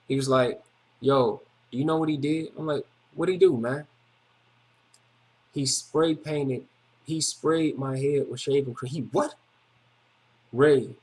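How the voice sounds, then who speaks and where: In casual street slang, a man with a strikingly high voice recounts something from his own life. He speaks emphatically and repeats phrases to drive points home, much like a testimony video.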